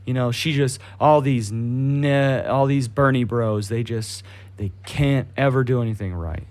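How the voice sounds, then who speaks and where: A young man holds forth on a casual podcast, his voice sitting at an ordinary middle pitch. He rants with heat and frequent swearing, sometimes slipping into mocking voices to make fun of his targets. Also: a little slow, darkish tone. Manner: profane, heated, mocking voices mid-rant. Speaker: podcast co-host.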